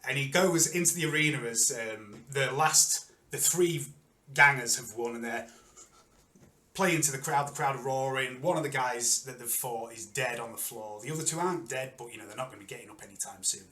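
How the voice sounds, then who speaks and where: Male GM narrating a tabletop game; bright tone, unhurried, roomy echo. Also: medium pitch. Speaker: game master.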